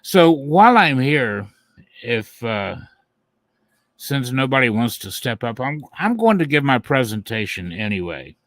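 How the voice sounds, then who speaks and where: A man's voice: mid-range voice, sing-song, measured pace, a bit bright, no echo. A man hosting a live stream, talking to his viewers in a taunting, mocking way and chuckling at his opponents. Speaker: channel host.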